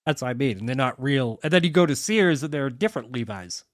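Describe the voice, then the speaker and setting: A man's voice: mid-range voice, expressive, fast talker, no echo, studio quality. A man co-hosting a podcast, chatting casually about a sitcom with jokey asides. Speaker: podcast co-host. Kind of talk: casual chat recapping a sitcom.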